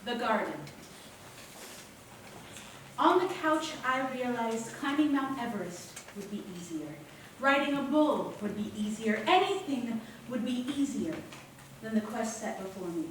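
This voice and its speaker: A woman's voice: on the high side, expressive. Woman reciting a confessional stage monologue. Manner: reflective, confessional, measured. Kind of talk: spoken-word monologue on stage. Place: theater stage. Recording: echoey theater from far off, faint hum.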